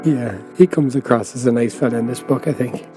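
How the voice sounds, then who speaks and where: A man with an Irish accent, co-hosting a casual book podcast, chatty and quick to laugh, often trailing off mid-sentence. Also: medium pitch, over loud music. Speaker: podcast co-host. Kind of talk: casual chat.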